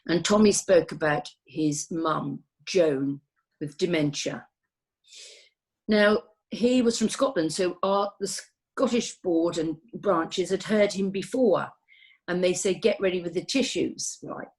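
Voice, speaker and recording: Rambling, chatty woman nurse, low voice. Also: takes it slowly, a little mellow, slightly rough. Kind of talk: casual chat.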